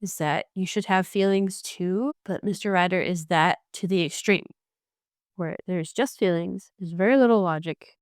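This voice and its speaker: A young woman chatting casually as she reviews a book, animated and wry, often restarting her sentences. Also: medium pitch, normal speed, clean tone, no room sound, studio quality.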